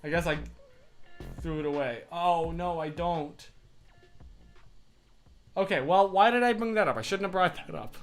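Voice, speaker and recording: A man's voice: on the high side, normal speed, pauses often, faint music behind. A young man hosting a casual live stream from his room, reading viewer comments and rambling with lots of restarts. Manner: rambling and chatty, full of restarts and fillers. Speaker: livestream host. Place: home room with a whiteboard.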